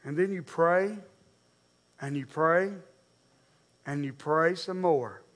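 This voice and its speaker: A man's voice: fairly high pitch, slow. A man preaching a sermon, speaking conversationally and addressing the congregation directly. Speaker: pastor.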